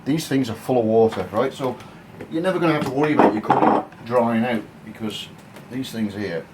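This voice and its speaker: A man's voice: medium pitch, fairly quick, very noisy. A man giving a casual, cheeky and crude cooking demonstration in his home kitchen. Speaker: home cook.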